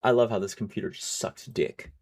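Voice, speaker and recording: A man's voice: fairly low pitch, animated, brisk, vocal fry, a little mellow, husky. A man commenting on a stream in a wry, jokey way with casual swearing. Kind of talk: joking commentary.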